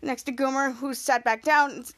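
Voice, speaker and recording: Female podcast host, high voice, casual recap, halting and repetitive delivery. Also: steady tone, fairly bright tone. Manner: halting, repetitive retelling with many restarts and "cut to".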